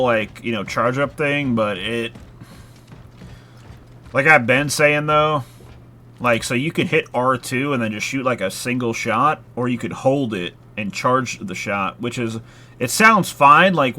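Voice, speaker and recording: The streamer sounds bright and forceful at medium pitch as he plays a horror game live. He rambles casually, scattering filler words and curse words through his talk.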